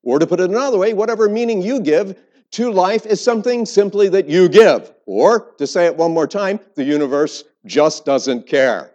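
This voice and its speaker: Theology professor preaching in church; a man with a slightly high voice, forceful, with deadpan jokes. Muffled, low-fidelity recording. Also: normal speed. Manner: emphatic with dry humorous asides. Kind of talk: sermon.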